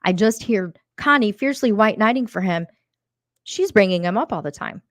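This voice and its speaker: A woman talks in a heated, emphatic stream, often doubling words as she builds her case. Her voice sits at an ordinary pitch for a woman. The sound is dry and close, with no room echo. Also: animated, moderate pace. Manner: heated, emphatic, repeats words when worked up. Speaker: online commentator. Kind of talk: casual commentary.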